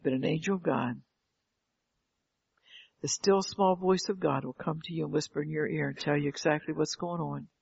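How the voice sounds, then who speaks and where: Older woman preacher, fervent sermon delivery, gravelly and husky, heard on a dull lo-fi recording. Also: deep voice, fairly even intonation, moderate pace, pauses often, darkish tone. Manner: fervent, calls out "Amen" and rhetorical questions. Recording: dull lo-fi, dry sound.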